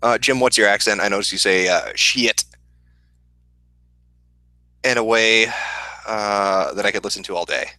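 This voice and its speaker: A man with a Midwestern accent, hosting a casual livestream and answering chat questions in a profane, deadpan, sardonic way. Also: fairly low pitch, quick pace, hardly any pauses, no room sound, rough recording. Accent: Midwestern American.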